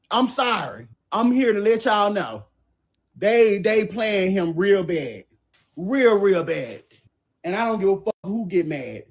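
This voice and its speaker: On his livestream, a high-pitched man rants heatedly, swearing at commenters, shouting now and then, and repeatedly stopping to apologize. He's speaking from home straight into his phone or webcam mic, profane and confrontational.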